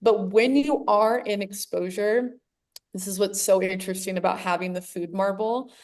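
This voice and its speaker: An American woman speaking as a clinical guest on a video call, at a middle pitch. She explains in detail with eager, nerdy asides and keeps a conversational tone. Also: fairly even intonation, moderate pace, a little mellow.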